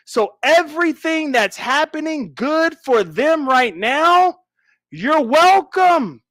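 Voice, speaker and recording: A man streaming on YouTube with a high voice, ranting sarcastically and repeating himself. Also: a bit bright, no room sound.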